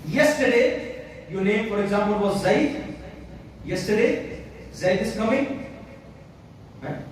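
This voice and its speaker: High-voiced preacher in an echoey hall. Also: male voice, expressive, slow, long pauses. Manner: rhetorical, keeps asking the audience "right?". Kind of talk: sermon. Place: mosque hall. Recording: echoey mosque hall, distant mic, faint hiss.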